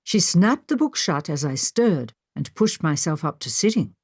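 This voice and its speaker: A woman narrating a historical novel in the first person, with expressive storytelling. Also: deep voice, moderate pace, dry recording, studio quality. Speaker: audiobook narrator. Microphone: studio microphone.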